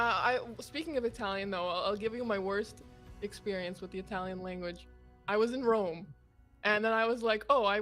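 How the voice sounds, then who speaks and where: Woman from Canada, raised pitch, animated, laughing often, faint music behind. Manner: animated storyteller, quick laughs. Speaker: esports caster. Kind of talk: casual stream chat.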